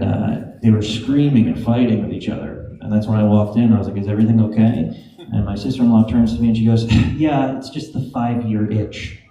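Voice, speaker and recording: A man doing a stand-up comedy set, loose and joking, working the crowd with laughing asides. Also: medium pitch. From Greek heritage. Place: comedy club stage. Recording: echoey club with audience.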